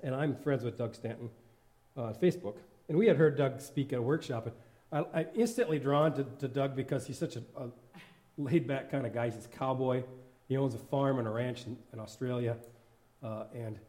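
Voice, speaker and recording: A man's voice: mid-range voice, fairly quick, warm tone. A man giving an informal sermon in church, rambling and laughing often as he corrects himself. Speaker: worship leader and lay preacher.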